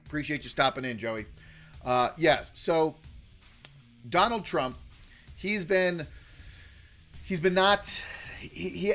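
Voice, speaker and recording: A man's voice: on the high side, animated, unhurried, pauses often, a bit bright, faint music behind. A man hosting a casual political live stream, rambling and chatting with viewers in the chat. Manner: rambling, lots of fillers and restarts, chatty with viewers. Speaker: political livestream host.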